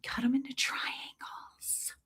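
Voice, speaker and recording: A woman putting on her mother's voice, a fussy mom giving earnest advice in a slow, breathy whisper. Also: sharp tone. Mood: coaxing.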